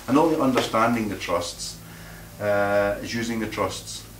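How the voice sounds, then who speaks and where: A Scottish man with a fairly low voice gives an informal talk to a live audience at a meeting. He's blunt, combative and plain-spoken, repeating words as he searches, at a moderate pace, recorded from far off in an echoey room with a noisy background.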